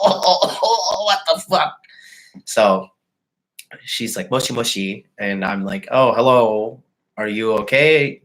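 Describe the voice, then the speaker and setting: A man's voice: on the low side, a bit bright. A man in his thirties hosting a casual livestream, telling crude, boastful stories with a lot of swearing and laughter, and greeting viewers as he goes. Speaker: dating coach host.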